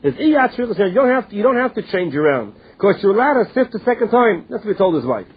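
A man's voice: high-pitched, very animated, quick pace, husky. A man teaching a Talmud class, reading lines and explaining them in English with frequent restarts. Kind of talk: Talmud class, translating text. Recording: tinny phone-line audio.

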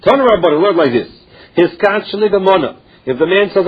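A man's voice: sits high, expressive, brisk, husky. A man teaching a Talmud class, reading Aramaic phrases and explaining each one in plain English. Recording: dull lo-fi recording.

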